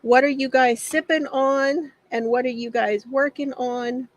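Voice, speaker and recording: A woman's voice: sits high, steady tone, a little slow, no room sound. A woman hosting a casual craft livestream from her home shed, greeting viewers by name, chatty and often laughing.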